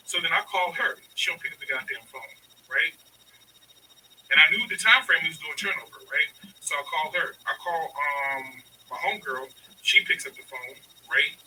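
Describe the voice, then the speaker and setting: Man, 30s, rapid and profane storyteller with a bright, forceful voice, recorded on a distant mic with faint hiss. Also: a little high. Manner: profane, emphatic, acts out both sides of arguments. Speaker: podcast host telling a story. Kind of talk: casual storytelling.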